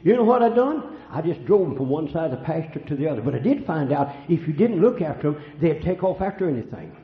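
An older man preaching a sermon, telling folksy stories and swinging between hushed and loud lines. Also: a little high, sing-song, quick pace. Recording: echoey room, dull lo-fi sound.

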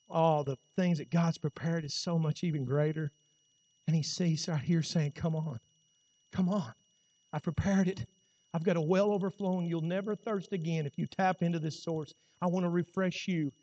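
High-voiced impassioned male preacher, echoing hall. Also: muffled recording. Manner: impassioned, rising to loud cries then dropping low. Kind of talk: sermon.

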